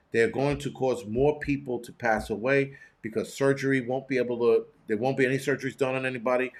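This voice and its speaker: On his prepping show's live stream, a medium-pitched male host rambles through blunt commentary full of profanity, pausing to read viewers' chat messages out loud.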